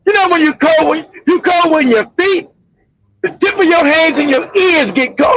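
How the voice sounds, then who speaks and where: High-pitched guy cracking up and cussing, aave, kinda dull lo-fi sound. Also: moderate pace. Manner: loud, laughing, swearing storyteller. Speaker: livestream host. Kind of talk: casual profane commentary.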